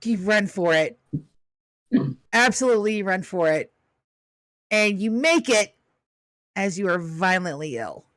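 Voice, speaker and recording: A woman's voice: mid-range voice, lively intonation, measured pace, pauses often, a bit bright, no echo. Woman game master, easy narrator, dry close sound.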